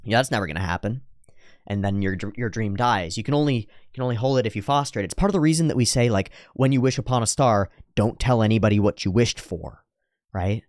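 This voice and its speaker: A man's voice: on the low side, fast talker, darkish tone, no room sound, studio quality. A man hosting a reaction video, analyzing an anime scene and paraphrasing its dialogue with rhetorical asides.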